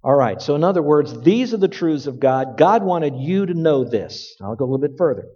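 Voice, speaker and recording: A man preaching a sermon to men, emphatic, slowing down to stress key words. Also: on the high side, lively intonation, warm tone, slightly rough. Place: room with stage lights and sound equipment. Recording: dull, lo-fi audio with long hall reverb.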